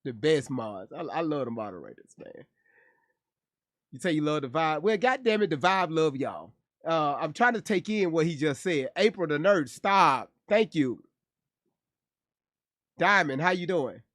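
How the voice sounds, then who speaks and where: A man's voice: on the high side, lively intonation, unhurried, long pauses, a bit bright, no echo, studio quality. A male streamer giving blunt, profane live commentary on a clip, often repeating his words as he thinks aloud. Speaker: streamer reacting to clips.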